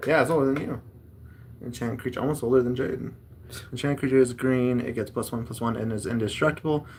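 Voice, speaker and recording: A man's voice: mid-range voice, fast talker, slight background noise. A man hosting a casual chat while opening card packs, rambling and reading card text aloud.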